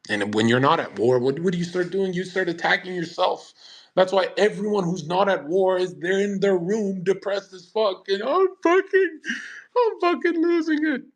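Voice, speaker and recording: A man hosting a live stream, talking casually in a brash, profane, animated rant. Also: high-pitched, moderate pace. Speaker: streamer host.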